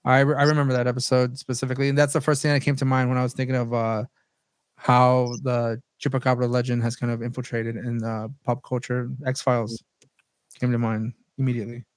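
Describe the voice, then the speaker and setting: A man's voice: medium pitch, little pitch movement, fairly quick, smooth, no room sound. Man, podcast co-host, casual chat, laughs a lot, swears offhandedly, dry close sound. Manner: laughs often, swears casually, reads out notes.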